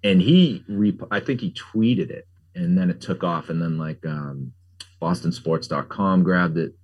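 A man's voice: low voice, a little slow, a little mellow, muffled recording. A middle-aged man, a pumpkin carver, chatting casually as an interview guest, rambling with lots of fillers and jokes. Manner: rambling, frequent "like" fillers, jokey.

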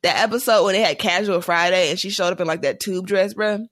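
A man hosting a casual podcast, an animated storyteller who laughs often. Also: sits high, a little fast, no room sound, clean studio sound. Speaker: podcast host.

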